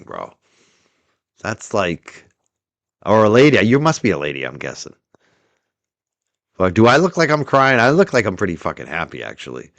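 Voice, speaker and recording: A man running a livestream reads his viewers' super chats aloud and thanks them, keeping it casual and chatty with ready laughs and quiet trail-offs. His voice is on the lower side, and the recording is dry.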